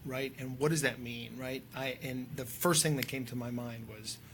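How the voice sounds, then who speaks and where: A man's voice: medium pitch, steady tone, moderate pace, background noise. A man, a filmmaker and drone pilot, chatting as a guest in an enthusiastic, rambling way. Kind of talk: casual podcast conversation.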